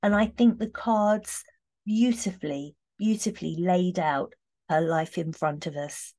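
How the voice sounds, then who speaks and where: A woman chatting warmly through a tarot reading, heartfelt, with many fillers and restarts. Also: fairly low pitch, a little slow. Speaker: tarot reader. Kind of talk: casual tarot reading talk.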